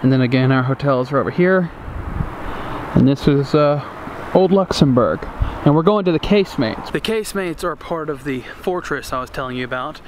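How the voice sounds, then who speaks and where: Playful young male vlogger, a touch high, slangy and jokey, recorded outside on a camera with loud street noise. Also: moderate pace. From Pennsylvania. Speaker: travel vlogger host. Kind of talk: casual travel vlog. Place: outdoors in an old town. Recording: noisy outdoor street sound.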